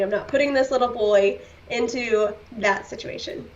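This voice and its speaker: A woman's voice: on the high side, moderate pace. Earnest woman telling her story, slightly distant. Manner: heartfelt, earnest, with short laughs and many fillers. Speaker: podcast guest. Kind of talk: candid personal storytelling. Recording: slightly distant, dull-sounding.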